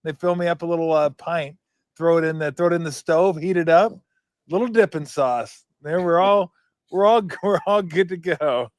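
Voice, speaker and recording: High-voiced laid-back male host. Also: moderate pace, no room sound, clean studio sound. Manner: laid-back, chuckling, rambling asides. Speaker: radio show host. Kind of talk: casual sports talk.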